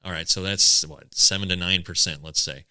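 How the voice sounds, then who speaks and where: Man, very deep voice, sharp bright tone, casual sports podcast chat, halting restarts, dry close mic. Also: fairly even intonation, dry recording. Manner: halting, many restarts, analytical about stats. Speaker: podcast co-host.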